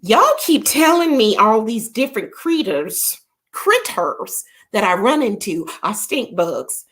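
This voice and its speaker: A woman's voice: a little high, very animated, slow, a bit bright. A middle-aged woman hosting a casual live stream, playful and chatty, greeting her viewers by name. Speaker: livestream host. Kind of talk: casual livestream chat.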